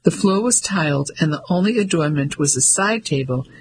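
A man narrating an audiobook in a measured, even storytelling manner. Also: fairly high pitch, husky, low-quality recording.

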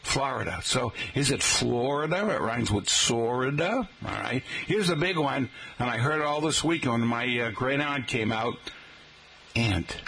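Male teacher with an average-pitched voice, folksy talk-radio delivery, spells words out and says "folks" a lot. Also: lively intonation, moderate pace, few pauses, a crowd in the background, rough recording. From Boston area, Massachusetts. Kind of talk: talk-radio style lesson on regional pronunciation.

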